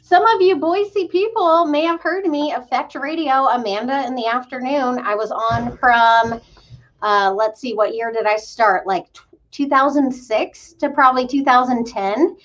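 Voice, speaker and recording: A woman in her thirties from Maine, talking casually about her life as a fitness coach. She comes across bubbly and self-deprecating, with a fairly high voice. The recording sounds a bit dull and lo-fi. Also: unhurried, a bit bright. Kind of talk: casual interview chat.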